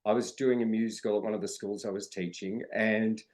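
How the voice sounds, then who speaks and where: A man's voice: on the low side, steady tone, a little fast, darkish tone, poor audio. A middle-aged man from Australia, a drag performer and dance teacher, telling stories as a podcast guest and acting out his students' lines. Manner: storytelling, acts out quotes from students. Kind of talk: candid interview conversation.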